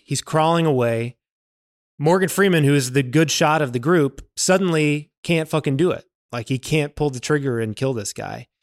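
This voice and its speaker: A man co-hosting a podcast, retelling a film scene by scene in casual chat, swearing freely and acting out the characters' lines. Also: medium pitch. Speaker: podcast co-host.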